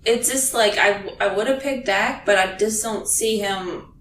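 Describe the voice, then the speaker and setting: A woman's voice: mid-range voice, unhurried, fairly bright tone. Chatty young woman, distant and echoey. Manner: chatty, teasing, laughs easily. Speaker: podcast guest. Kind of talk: casual chat. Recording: distant, roomy, faint noise.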